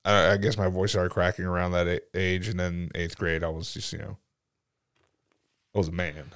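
A young man with a deep baritone voice, chatting casually as a podcast co-host, laid-back and quick to laugh. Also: level tone, fairly bright tone, no echo, clean studio sound. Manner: laid-back, laughs often, tells stories with acted quotes. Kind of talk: casual chat.

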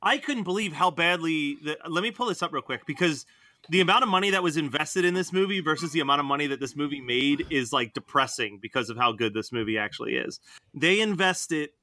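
Podcast host, male, high-ish bright voice, animated casual delivery, dry close sound. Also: a little fast, no room sound. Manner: animated, laughs often, retells scenes. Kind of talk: casual movie discussion.

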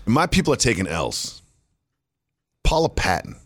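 A man co-hosting a podcast, joking in casual, animated banter and laughing often. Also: lowish voice, unhurried, soft background music. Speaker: podcast co-host.

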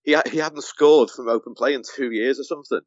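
A man, a podcast guest, chatting casually about football in a halting, hesitant way. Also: medium pitch, no echo, dull audio. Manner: hesitant, many fillers and restarts.

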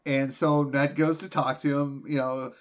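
A man's voice: mid-range voice, flat delivery, normal speed. A man co-hosting a podcast in casual chat, rambling through recaps and laughing often. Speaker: podcast co-host.

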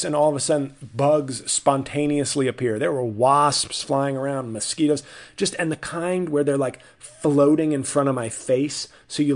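A man hosting a comedy podcast, telling a rambling, profane story with mock outrage and frequent restarts. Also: mid-range voice. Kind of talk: rambling comic monologue.

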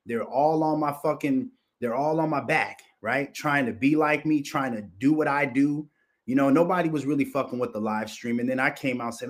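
A livestream host from Minnesota rants in a brash, boastful, mocking way, swearing constantly. His voice is a little high and he talks a little fast in this profane livestream rant.

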